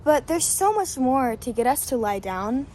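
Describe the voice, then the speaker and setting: A woman's voice: high-pitched, very animated, moderate pace, darkish tone, slight background noise. A woman voicing a caring, tender-hearted sheep who asks eager questions, in an amateur scripture drama.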